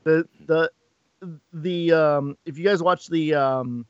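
Male podcast co-host, upbeat and rambling, slightly high voice, dull dry recording. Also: slow, smooth, no room sound. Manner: animated, repeats words when starting sentences. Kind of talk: casual chat. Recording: dull lo-fi sound.

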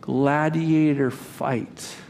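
A man preaching a sermon, telling a story dramatically, rising to loud cries and dropping to a hush. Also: fairly high pitch, fairly even intonation, very slow, vocal fry, a little hiss or hum. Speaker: pastor.

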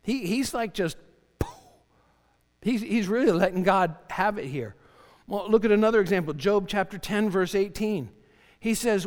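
Man, pastor, sermon, somewhat high voice, dramatic readings then hushed emphasis, long hall reverb. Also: normal speed. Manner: animated preaching, voicing Job's cries with rising pitch and dropping low for emphasis.

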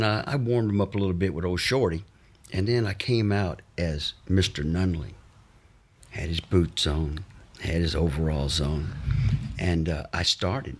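Man, very deep voice, husky, rambling storyteller, lots of uh's, acts out the people he quotes. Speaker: guest telling life stories. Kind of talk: casual anecdotal storytelling.

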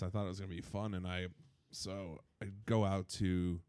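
A man chatting casually, starting a story of his own in a halting, rambling way. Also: sits low, fairly even intonation, dark tone, no echo, clean studio sound. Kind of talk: casual chat.

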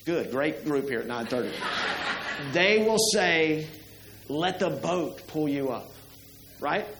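A middle-aged male pastor with a slightly high voice preaches in an easy, conversational way, often putting rhetorical questions to the congregation. His voice rings around a roomy church sanctuary. A faint hum sits under the recording. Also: expressive, takes it slowly. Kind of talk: sermon.

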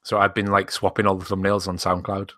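Male podcast co-host, lowish but bright voice, animated and sweary. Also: fast. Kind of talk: casual chat.

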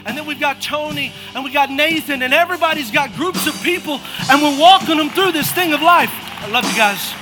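High-voiced, energetic preaching pastor. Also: male voice, a little fast, few pauses, over music. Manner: energetic, calls out churchgoers by name, repeats "come on". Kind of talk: lively sermon to a congregation. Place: church auditorium.

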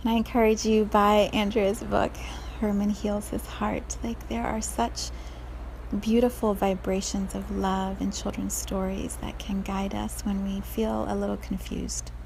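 A woman speaking as a spiritual coach, reflecting softly after reading a story and slipping into whispers at times. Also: mid-range voice, level tone, a little slow, vocal fry, slight background noise. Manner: soft, gentle, slips into whispers.

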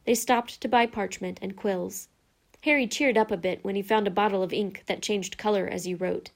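A woman narrating a children's fantasy book with steady, measured reading. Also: medium pitch, vocal fry. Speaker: audiobook narrator. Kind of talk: scripted narration.

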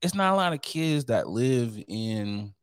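A man's voice: medium pitch, sing-song, clear, resonant tone, no echo, clean studio sound. Playful young man chatting loosely. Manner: playful, quick to laugh, acts out quotes. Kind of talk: casual chat.

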